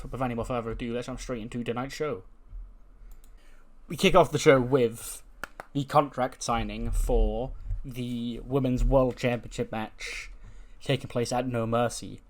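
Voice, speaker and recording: Brief: male host, casual filler-heavy game narration, mid-pitched voice. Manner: casual, filler-heavy, imagines scenes aloud. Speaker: host of a wrestling sim playthrough.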